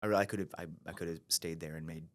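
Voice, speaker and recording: Man, thirties, from Ohio, very low voice, quick delivery, animated storyteller, restarts a lot. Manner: animated storyteller who acts out quoted voices, with frequent restarts. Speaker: guest, brokerage CEO. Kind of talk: storytelling in a podcast interview.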